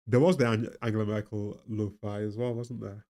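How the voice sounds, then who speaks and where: A man's voice: fairly low pitch, little pitch movement, a little fast, mellow. A tired man with a weak Geordie accent, chatting casually on a live stream, rambling and laughing about the economy. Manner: laughing, rambling, talks to chat and a pet.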